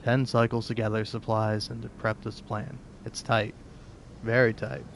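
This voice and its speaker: A man voicing a nervous, weary spacefaring planner from a video game, using his own voice pitched slightly higher. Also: monotone, normal speed, slight background noise, natural voice. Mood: planning. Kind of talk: reading game dialogue aloud.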